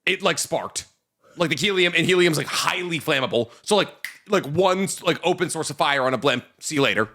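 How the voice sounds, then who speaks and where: A young man co-hosting a podcast, chatting casually with animated laughter, swearing and rambling explanations. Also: on the high side, a little fast, a little hiss or hum. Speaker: podcast co-host. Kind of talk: casual chat.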